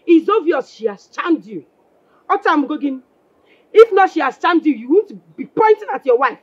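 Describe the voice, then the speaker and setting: An actress playing a scornful, jealous wife with a Nigerian accent, mocking and dismissive. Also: female voice, high voice, sing-song, normal speed, no room sound, highs cut off. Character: scornful jealous wife, sharp-tongued, suspicious. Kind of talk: Nollywood film acting.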